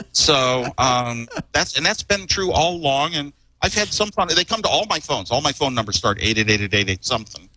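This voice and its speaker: A man's voice: mid-range voice, sing-song, moderate pace, pushed and bright, no room sound, poor audio. A man, a guest on a talk show, telling stories casually in a rambling way, chuckling and repeating words as he goes. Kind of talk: casual storytelling.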